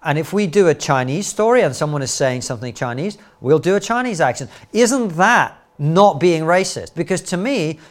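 A middle-aged man with a slightly raised pitch tells stories as a podcast guest. He moves fast between anecdotes and rhetorical questions in a lively, engaged way. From Soviet Union, raised later in Britain. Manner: animated storyteller, quick asides and rhetorical questions. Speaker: guest, comedian and commentator. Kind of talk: podcast interview.

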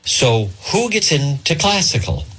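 A man's voice: a little high, sing-song, measured pace, a bit bright, slightly rough, low-quality recording. A middle-aged man from Rhode Island hosting a talk radio show, telling a rambling, digressive story in a monologue.

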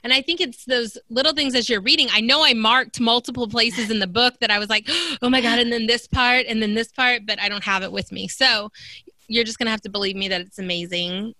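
A woman's voice: fairly high pitch, fairly even intonation, a little fast, pushed and bright, no room sound. A woman from Texas, an educator co-hosting a podcast, chatting enthusiastically about books. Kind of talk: casual book chat.

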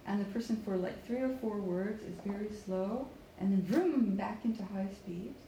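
A woman teaching a conversation class, explaining in lively bursts and acting out listener reactions, in an echoey room. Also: medium pitch, normal speed, vocal fry, lo-fi sound. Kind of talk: classroom coaching. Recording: echoey room with faint background noise.

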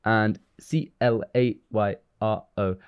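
A woman's voice: a bass voice, steady tone, takes it slowly, smooth, dry recording, highs cut off. A woman co-hosting a casual podcast, chatty and teasing, laughing often. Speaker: podcast co-host. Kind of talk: casual chat.

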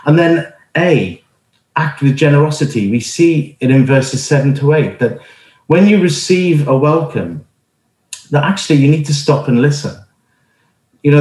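A man's voice: mid-range voice, a little mellow. A middle-aged man giving an informal sermon, telling a personal story in an earnest, conversational way with many fillers and restarts. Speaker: church planter and speaker. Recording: roomy echo.

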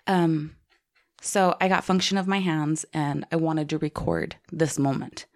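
Gravelly-voiced woman telling a story. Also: sits low, a little slow. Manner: animated storytelling, tearful and laughing. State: teary. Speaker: podcast co-host. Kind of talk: casual chat.

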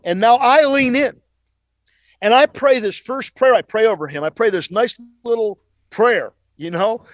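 A man's voice: very high-pitched, moderate pace, no room sound. A middle-aged male preacher telling a dramatic testimony on a talk show, emphatic and repeating phrases for effect.

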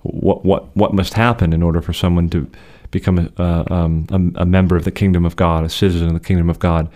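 A man co-hosting a podcast, explaining theology in a measured, conversational way with frequent restarts. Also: low-pitched, little pitch movement, a little mellow.

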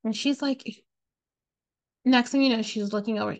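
On her podcast, a woman recounts something personal with blunt candor, swearing freely and peppering her talk with "like" and "you know." Her voice runs on the high side, with a steady tone at normal speed.

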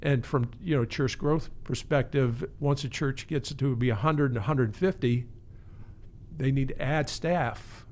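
A man's voice: medium pitch, measured pace, a little mellow, a little hiss or hum. A man who is a pastor and teaches pastoral care, speaking earnestly and reflectively in an interview, often restarting his phrases. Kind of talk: conversational interview.

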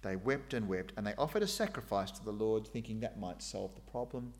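A man's voice: lowish voice, expressive, fairly quick, darkish tone. A middle-aged man preaching a sermon, dramatizing God's questions with sudden raised, emphatic lines.

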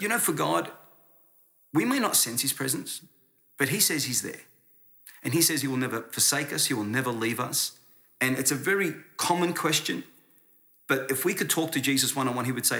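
A man's voice: medium pitch, lively intonation, normal speed, bright, forceful tone. A man preaching a sermon as pastor, earnest and conversational, often restarting his words.

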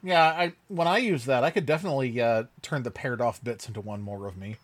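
A man co-hosting a podcast, explaining things in an animated, casual way. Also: mid-range voice, fairly quick, no echo. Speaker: podcast co-host. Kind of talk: casual discussion.

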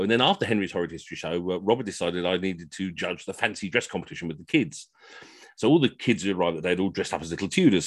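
A man's voice: deep voice, breathy edge, dry recording, clean studio sound. A man telling comic stories, chatty and rambling, over a video call. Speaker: costumed entertainer, storyteller. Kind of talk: comic storytelling.

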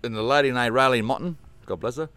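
Give me a rough-spoken Australian man telling a story in casual, rambling talk. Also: medium pitch, fast talker, fairly bright tone, dry recording. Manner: rough-spoken, swears often, rambling with fillers. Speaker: guest.

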